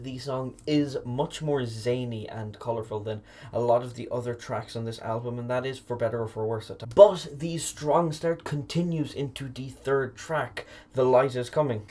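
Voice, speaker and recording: A man's voice: mid-range voice, a little mellow. A young man giving a casual spoken album review, candid and opinionated, with the occasional swear word.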